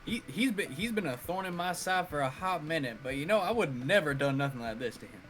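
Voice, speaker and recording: A man's voice: on the high side, animated, brisk, fairly bright tone, faint music behind. A man playing a folksy cowboy drifter. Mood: defensive. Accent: put-on Old West drawl. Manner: folksy, rambling. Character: folksy male cowboy drifter, would-be singer. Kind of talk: murder mystery role-play over voice chat.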